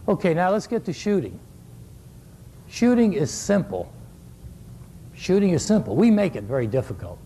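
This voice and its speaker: A man's voice: fairly high pitch, dark tone, slight background noise. A man in his sixties coaching basketball shooting at a clinic, a folksy storyteller who jokes and repeats his key words. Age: 60s.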